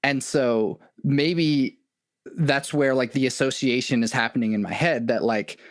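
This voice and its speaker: Slow, hesitant American male podcast host. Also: mid-range voice, no echo, studio quality. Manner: hesitant, reflective, restarting phrases. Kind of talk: casual conversation.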